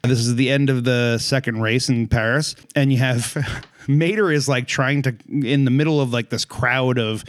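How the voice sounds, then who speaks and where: A man's voice: medium pitch, fairly even intonation, normal speed, slight background noise. A man co-hosting a podcast, chatting casually about a film, swearing and jokingly acting out scenes. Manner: swearing, jokey, acts out scenes in put-on voices. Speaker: podcast co-host. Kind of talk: casual chat reviewing a film.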